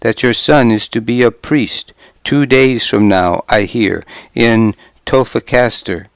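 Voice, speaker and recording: A man's voice: mid-range voice, takes it slowly, creaky, dry recording. A man reading as a sly wandering preacher. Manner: sly, insinuating.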